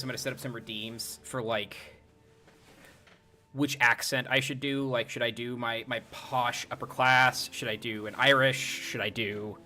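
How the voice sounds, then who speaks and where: While playing a game on a livestream, a man chats loosely, rambling with lots of fillers and some swearing. His mid-range voice is bright and forceful.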